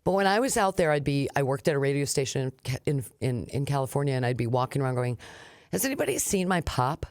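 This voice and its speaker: Lively low-voiced woman radio co-host. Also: no echo, studio quality. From Minnesota. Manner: animated storyteller, quick laughs. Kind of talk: casual radio chat.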